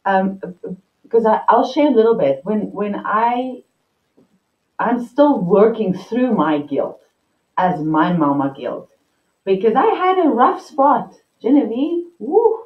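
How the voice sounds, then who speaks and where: A woman's voice: a little high, expressive, takes it slowly. Enthusiastic woman host, echoey room. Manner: enthusiastic, emotionally open, shares personal stories. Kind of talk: conversational interview. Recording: echoey distant muffled sound.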